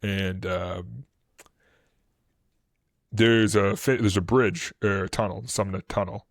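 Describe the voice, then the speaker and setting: Boston guy on a history podcast, kinda low voice, lots of uhs and likes, dry sound. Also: takes it slowly, vocal fry, no room sound. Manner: rambling with many fillers and restarts, animated when quoting. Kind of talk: casual conversational explainer.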